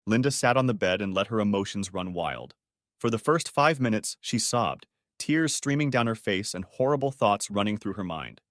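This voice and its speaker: A male narrator reading a dramatic story with lively, rising and falling pitch. The sound is dry and close, with no room. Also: normal speed, dry recording.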